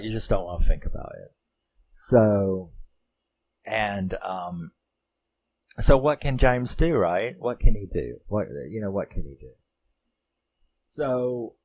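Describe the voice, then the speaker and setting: Low-voiced male reviewer, mellow, rambling, swears. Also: low-quality recording. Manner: rambling, emotional, swears, many fillers. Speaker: film reviewer. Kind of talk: casual film recap.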